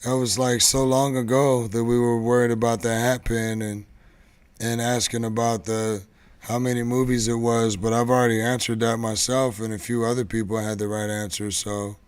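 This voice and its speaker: A man hosting a casual live show, rambling along with lots of halting restarts. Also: medium pitch, flat delivery, clear, resonant tone. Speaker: show host. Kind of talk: casual live-stream chat.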